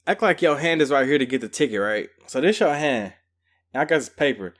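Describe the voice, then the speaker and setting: A man's voice: mid-range voice, brisk. A man giving a casual, slangy recap and review of a reality show episode. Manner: chatty, slangy, lively storytelling.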